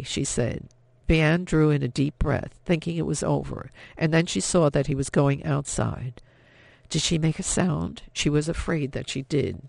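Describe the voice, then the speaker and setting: Gravelly male audiobook narrator. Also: on the high side, moderate pace, a little mellow, no echo. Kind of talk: scripted novel narration.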